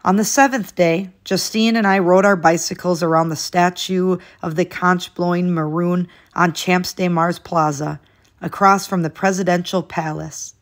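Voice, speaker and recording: A woman's voice: fairly low pitch, fairly even intonation, normal speed. A woman reading a children's picture book aloud, lifting her voice expressively as each new day in the story begins.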